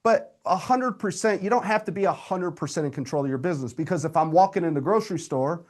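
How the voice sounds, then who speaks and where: A man, coaching real estate agents in a live webinar, energetic and direct with his audience. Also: high voice, fast talker. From Indiana, USA.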